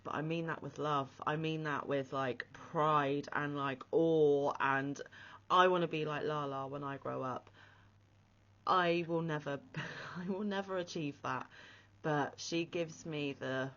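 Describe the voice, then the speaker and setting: A woman's voice: low-pitched, fairly even intonation, a little slow, fairly bright tone. A woman hosting a crochet vlog, talking casually and with heartfelt, emotional praise. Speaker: crochet channel host. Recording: slightly muffled lo-fi audio.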